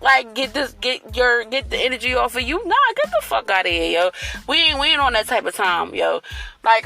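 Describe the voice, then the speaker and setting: Bright-voiced woman ranting bluntly. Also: high voice, creaky. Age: late 30s. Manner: blunt, profane, animated venting to viewers. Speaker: vlogger. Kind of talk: casual storytime rant.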